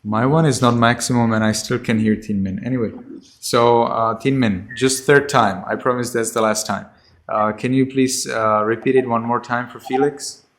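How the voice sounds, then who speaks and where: A man's voice: mid-range voice, steady tone, normal speed, a little hiss or hum. A man teaching a children's class over a video call, patiently repeating his questions.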